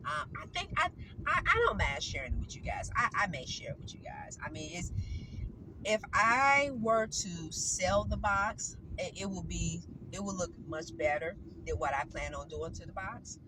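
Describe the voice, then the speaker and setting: Her voice is lowish and animated, moving at a moderate pace, as this congested woman vlogger rambles casually to camera during errands. She backtracks to correct herself now and then, and a noisy vehicle can be heard behind her.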